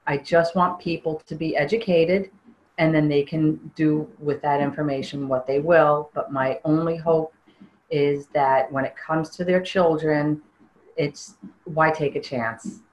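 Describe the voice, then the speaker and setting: An older woman giving a personal testimony in an interview, earnest and halting, often restarting her sentences. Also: deep voice, steady tone, darkish tone, dull audio.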